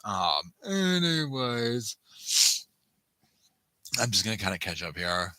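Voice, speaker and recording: A man's voice: fairly low pitch, sing-song, takes it slowly, pushed and bright, clear, resonant tone, no echo. A man hosting a casual live chat, rambling and restarting his sentences as he thanks viewers by name. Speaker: livestream host.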